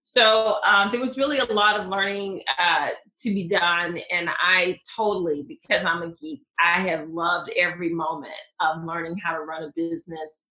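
Southern US woman, podcast guest, enthusiastic with lots of ums, slightly low and forceful tone. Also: level tone, normal speed, hardly any pauses, echoey room, rough recording. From Mississippi, US. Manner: enthusiastic, many fillers and restarts. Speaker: patent attorney guest. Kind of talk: podcast interview.

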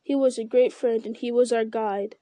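A woman's voice: a little high, steady tone, normal speed, warm tone, no echo, lightly acted. A woman reading as a young hobbit. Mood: sad. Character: young male hobbit, friendly and sorrowful.

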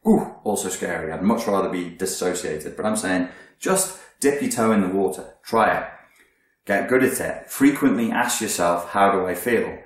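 A man's voice: low voice, animated, moderate pace. A man coaching listeners on their emotions in a blunt, profane, emphatic self-help monologue. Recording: very echoey room.

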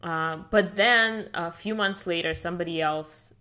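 A woman with a fairly low, pushed and bright voice speaks at a measured pace as a podcast guest. She lives in Miami, learned English as an adult, and tells her story casually and fluently, filling it with lots of "like."

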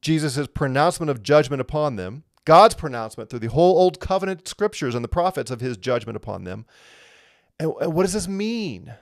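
A man's voice: fairly high pitch, big pitch swings, brisk, dry recording, studio quality. A man teaching a live Bible lesson, talking through scripture conversationally and reading viewer comments aloud.

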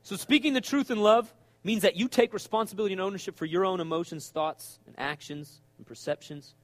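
A man's voice: high voice, brisk, no room sound. A middle-aged man, a pastor, preaching an emphatic sermon and acting out quoted voices.

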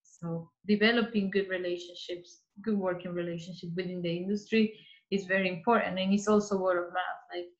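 A woman's voice: on the low side, steady tone, fairly quick. Woman advising with earnest restarts. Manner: earnest, speaks in restarts and repeats. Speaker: interior designer guest. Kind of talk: casual interview advice. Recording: slightly dull lo-fi sound.

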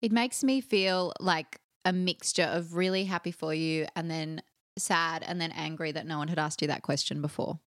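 A woman's voice: sits low, moderate pace, no echo, studio quality. A woman, co-hosting a casual podcast and reading segment introductions. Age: 30s. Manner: lively, giggly, reads segment intros. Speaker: podcast co-host. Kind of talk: casual chat.

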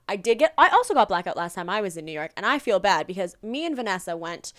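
A woman's voice: medium pitch, sing-song, quick pace, fairly bright tone. A young woman co-hosting a podcast, chatting wryly, laughing often and swearing casually. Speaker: podcast co-host. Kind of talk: casual chat.

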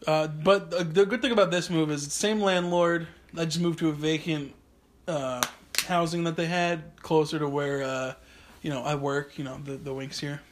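Male podcast co-host, high-pitched, chill, swears freely, studio banter. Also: steady tone, normal speed, a little hiss or hum. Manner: laid-back, peppers speech with "dude", swears.

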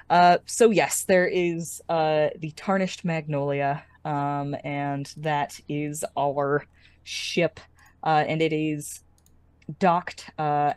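A woman's voice: deep voice, a little mellow, no echo. A woman narrating as game master, rambling and hesitant with many fillers.

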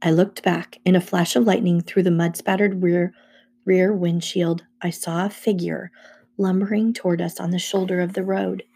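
A woman narrating a first-person adventure novel aloud in a steady storytelling manner. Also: on the low side, normal speed, breathy edge. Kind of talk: audiobook reading.

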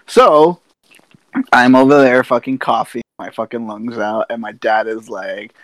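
A young man co-hosting a podcast in casual chat, animated and swearing as he tells stories. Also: medium pitch, unhurried, no echo. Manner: animated storyteller, swears a lot, laughs through stories. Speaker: podcast co-host.

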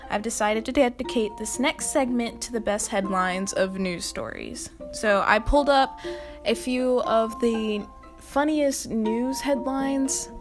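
A young woman hosting a video, doing casual scripted commentary with laughing, exasperated asides. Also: a little high. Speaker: video host.

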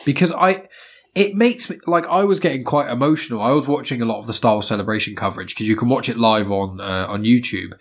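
A man hosting a casual podcast chat, rambling and animated, laughing often and swearing freely. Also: medium pitch, fast. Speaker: podcast host.

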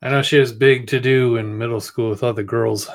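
A man co-hosting a podcast in casual chat, easygoing and quick to laugh at jokes. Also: medium pitch, fairly even intonation. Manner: easygoing, laughs often, joking asides. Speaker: podcast co-host.

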